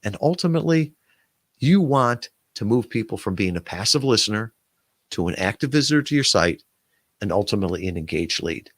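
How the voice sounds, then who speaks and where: Lively, emphatic man giving podcast tips. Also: on the low side, brisk, no echo. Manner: conversational, emphatic, lively coaching delivery. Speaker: podcast marketing host. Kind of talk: casual video tip talk to camera.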